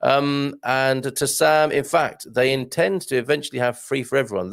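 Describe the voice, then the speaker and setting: A man's voice: mid-range voice, moderate pace, gravelly. A middle-aged British man hosting a live show, chatting casually and wryly as he reads out viewer comments, with many ums and asides. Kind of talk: casual live-stream chat.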